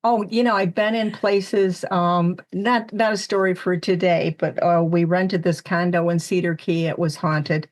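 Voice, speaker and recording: A woman's voice: lowish voice, measured pace, few pauses. An older woman, a spiritual medium, telling stories chattily in a casual interview, acting out what people said. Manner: chatty, animated storyteller who acts out quotes. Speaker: guest medium.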